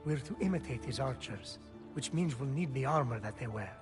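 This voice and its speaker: A businesslike male thief lieutenant from a video game cutscene, as a man voices him, laying out a plan in an instructive, matter-of-fact way. His voice sits at an ordinary middle pitch, with faint music playing underneath. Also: animated, brisk, close to an everyday voice. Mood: briefing. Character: male Venetian thief lieutenant, brisk planner.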